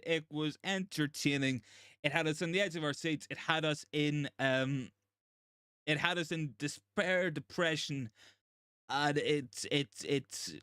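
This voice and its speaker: Man, fan host, live football watchalong, excitable, stammering, slightly high voice, dry close sound. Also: dry recording. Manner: excitable, stammering, repeating himself in disbelief. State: shaken and overwhelmed.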